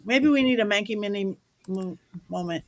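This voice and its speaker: A woman hosting a casual chat, playful and quick to laugh. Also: medium pitch, lo-fi sound. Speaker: host.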